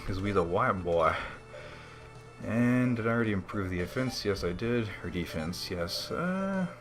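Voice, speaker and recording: A let's play host with a lowish, slightly bright voice offers laid-back, slangy commentary as he plays a video game and chats to his viewers.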